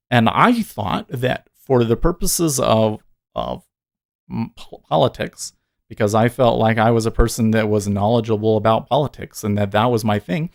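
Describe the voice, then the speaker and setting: A man's voice: on the low side, darkish tone, no room sound, clean studio sound. A man in his thirties hosting a day trading livestream, talking casually and earnestly, rambling with frequent self-corrections.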